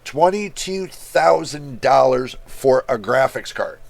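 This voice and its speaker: Exasperated gravelly man ranting casually. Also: fairly high pitch, expressive, unhurried. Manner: exasperated, incredulous, blunt with swearing. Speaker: tech YouTuber. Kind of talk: casual screen-share rant.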